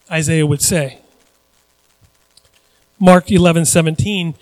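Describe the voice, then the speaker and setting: A male pastor preaching a sermon, animated, swinging between loud emphasis and quiet asides and acting out the voices he quotes. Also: sits high, moderate pace, dry recording, rough recording.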